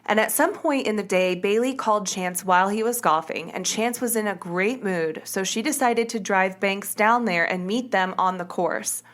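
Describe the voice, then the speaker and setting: This woman hosts a podcast and relays a true crime story conversationally, stopping to correct herself mid-sentence and leaning on "like" and "kinda." Her mid-range voice is a bit bright, moving at normal speed with few pauses.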